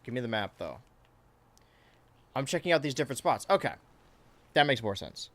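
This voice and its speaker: A male game streamer at a middling pitch, chatting casually while he plays. He rambles between the game and chat questions, swearing freely as he goes. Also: big pitch swings, normal speed, a bit bright. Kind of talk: casual let's-play commentary.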